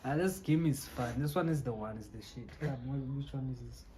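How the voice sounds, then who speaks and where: A man's voice: mid-range voice, a little fast, mellow, a little hiss or hum. A South African man co-hosting a couple's vlog, teasing his partner and laughing often in playful casual chat. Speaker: co-host of a couple channel.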